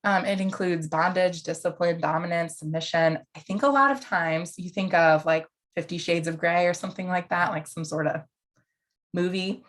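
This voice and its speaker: A woman's voice: fairly low pitch, moderate pace. A woman counselor educator giving an online lecture in a casual, conversational way, with fillers and asides.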